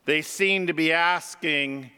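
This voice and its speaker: A man, a pastor, preaching a sermon and telling stories in a slow, reflective way. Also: on the high side, pushed and bright, smooth, long reverb tail. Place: church.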